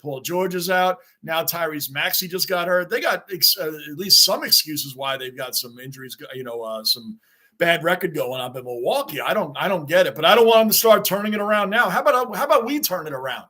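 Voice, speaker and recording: A man's voice: on the high side, expressive, fairly quick, sharp tone. A man hosting a live sports reaction stream, chatting with viewers, greeting them by name and ranting about the game.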